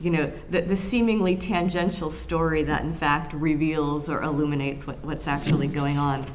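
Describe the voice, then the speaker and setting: A woman historian giving a public lecture, telling anecdotes in an animated way with frequent ums and restarts. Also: low-pitched, moderate pace, slight background noise.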